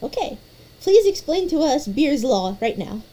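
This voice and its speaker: A woman's voice: high voice, sing-song, unhurried, dark tone, a little hiss or hum, rough recording. A woman hosting a late-night stream, chatting playfully and prompting her caller with questions. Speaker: streamer host. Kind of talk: casual chat.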